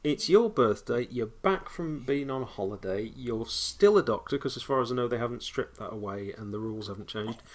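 A man's voice: mid-range voice, animated, normal speed, few pauses. Teasing man bantering on a call. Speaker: podcast host. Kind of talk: casual chat.

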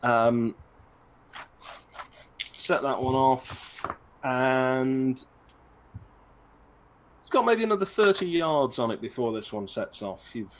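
A man's voice: mid-range voice, animated, slow, pauses often, a little hiss or hum. A man running a tabletop game as game master, talking in a hesitant, dry and wordy way.

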